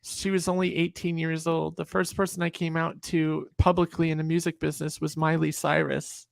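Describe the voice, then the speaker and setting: Middle-aged woman, gravelly storyteller, dry close sound, animated and full of restarts. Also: low voice, moderate pace, no room sound. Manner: animated storyteller, acts out quotes, frequent restarts and fillers. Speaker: guest. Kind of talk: casual storytelling on a group call.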